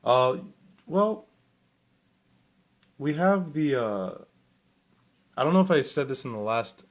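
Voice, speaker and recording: A man's voice: medium pitch, very animated, slow pace. A young man hosting a casual video game news vlog, chatty and rambling, often correcting himself and asking viewers questions. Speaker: gaming vlogger.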